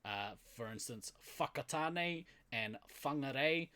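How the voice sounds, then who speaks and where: A man's voice: medium pitch, expressive, measured pace, sharp tone. A man with a New Zealand accent, co-hosting a podcast in casual chat. He laughs often and trails off with fillers. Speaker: podcast co-host.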